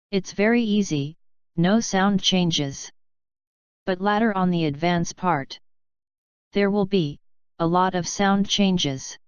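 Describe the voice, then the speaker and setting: A woman teaching a lesson in a very slow, deliberate way, explaining one rule at a time in a lowish, very clear voice. The sound is dry and close, but a bit dull and lo-fi. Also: no echo. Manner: slow, deliberate, spelling out rules. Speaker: language teacher. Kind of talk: step-by-step lesson narration.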